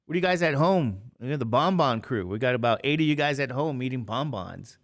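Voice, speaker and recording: A man's voice: medium pitch, animated, brisk. A man in his fifties, a math teacher talking casually and rambling to his class between examples. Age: 50s. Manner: chatty, rambling, jokey asides to students.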